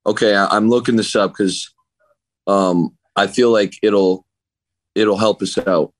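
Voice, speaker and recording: A man, a guest on a podcast, telling a story in a casual, animated way and acting out what other people said. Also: on the low side, unhurried, dry recording, poor audio. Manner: animated anecdote teller, acts out other people's lines. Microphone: remote call.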